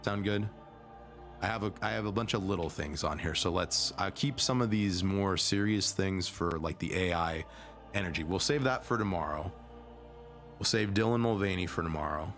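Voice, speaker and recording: Young male streamer, low voice, loose rambling chat, faint music bed. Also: moderate pace, a bit bright. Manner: rambling, self-interrupting, conversational. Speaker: vtuber streamer. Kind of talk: casual stream commentary.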